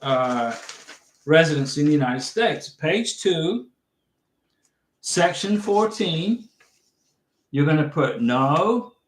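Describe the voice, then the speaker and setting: A man hosting a casual livestream Q&A, talking chattily, repeating himself and giving emphatic step-by-step instructions. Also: a little high. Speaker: livestream host answering viewer questions. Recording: roomy echo, distant from the mic.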